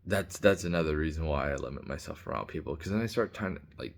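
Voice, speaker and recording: A man with a low, deep voice talks through a casual opinion monologue. He is blunt and rambling, restarting sentences and leaning on filler words as he goes. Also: lively intonation, fast, vocal fry, slight background noise. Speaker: commentator.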